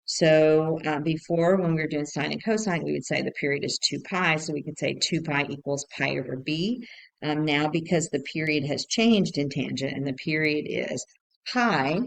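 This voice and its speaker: In a poorly recorded lesson walkthrough, a woman teacher talks through math notes at normal speed in a low-pitched, creaky voice. She's patient, going back over key points and thinking aloud with fillers.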